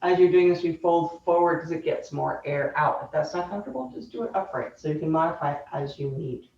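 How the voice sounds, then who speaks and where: A woman yoga instructor calmly guiding a chair yoga class, cueing breath and movement step by step. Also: low voice, a little fast. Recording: roomy, distant, dull sound.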